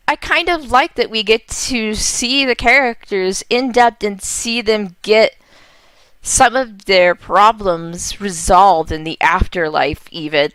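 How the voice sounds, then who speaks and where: A woman gaming creator talking casually and excitedly to her viewers. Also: medium pitch, a little slow, smooth, no room sound. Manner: excitable, gushing. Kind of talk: casual let's play commentary.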